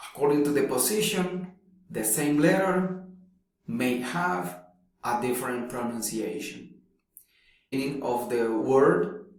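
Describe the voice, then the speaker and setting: Male lecturer, deliberate, repeats words, very slow delivery. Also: mid-range voice. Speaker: teacher. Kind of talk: recorded slide lecture. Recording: very echoey room.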